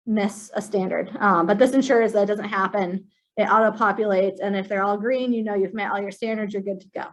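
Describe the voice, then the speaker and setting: A woman presenting a software walkthrough in a webinar, speaking plainly with many um fillers. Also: medium pitch, poor audio. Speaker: compliance staff presenting software.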